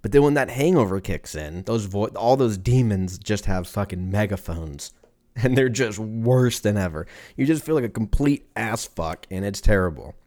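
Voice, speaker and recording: A man's voice: on the low side, expressive, normal speed, darkish tone. A man in his thirties hosting a podcast on his own, rambling, swearing casually and laughing at his own jokes. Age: 30s. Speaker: podcast host. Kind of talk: casual solo podcast chat.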